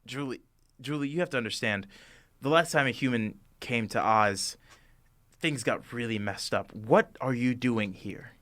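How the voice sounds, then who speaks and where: A man's voice: medium pitch, normal speed, fairly bright tone, natural voice. A man voicing a frightened carriage driver who stammers nervously in a tabletop game.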